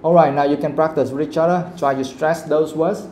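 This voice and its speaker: A male English teacher, working through a live lesson in a mellow, low-key voice and pausing often to ask "okay?". He sounds like he is in an echoey room with a faint hiss underneath. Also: fairly even intonation. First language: Vietnamese. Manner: explanatory, keeps checking with "okay?". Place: classroom.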